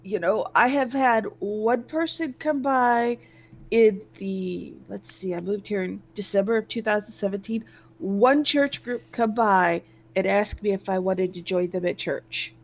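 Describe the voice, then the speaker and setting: A woman's voice: mid-range voice, unhurried. A woman with a scratchy, stuffy throat from allergies, chatting in a motherly, easygoing way in a group video chat.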